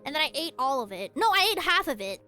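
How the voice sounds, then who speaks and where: Young woman gaming on stream, chatty and animated, crisp bright voice, little bit of game music under it. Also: high voice, quick pace. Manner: animated rambling storytelling with frequent laughs. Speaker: VTuber streamer. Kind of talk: casual chat while playing a game.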